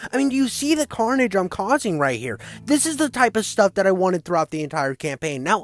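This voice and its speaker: Nasal, high-voiced rambling gaming reviewer. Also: male voice. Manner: crude, rambling, self-mocking. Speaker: gaming YouTuber. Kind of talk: casual video game review commentary.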